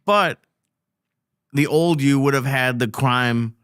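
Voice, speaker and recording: Male co-host, mid pitch, dry close mic; asks questions, laughs easily. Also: slow, a bit bright, clean tone, no room sound. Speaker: podcast co-host. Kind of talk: casual chat.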